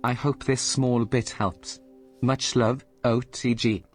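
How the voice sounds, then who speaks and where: Text-to-speech male voice at mid pitch, evenly reading donation alerts over faint music. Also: little pitch movement, takes it slowly. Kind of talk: synthetic reading of donation messages.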